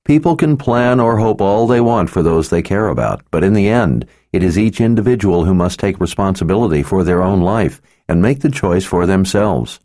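A man's voice: low-pitched, animated, moderate pace, hardly any pauses, mellow. A man doing a resolute young hero. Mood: firm. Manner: firm, earnest.

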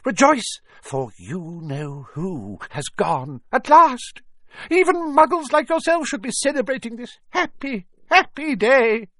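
A man voicing a tiny, overjoyed old man with a squeaky voice in a storybook reading. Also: sing-song, slow, pushed and bright, no room sound, full character voice. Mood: jubilant. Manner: exuberant, effusive.

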